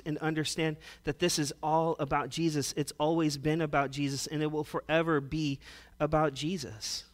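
A man preaching a sermon in a conversational way, moving from loud, animated storytelling to hushed, serious emphasis. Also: on the high side, moderate pace. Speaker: pastor.

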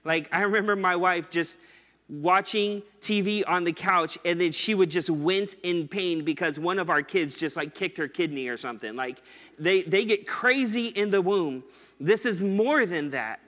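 A man's voice: high voice, moderate pace, bright, forceful tone, long reverb tail. A man, a father, teaching a Bible study in a casual, conversational way, often checking in with listeners. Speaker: pastor.

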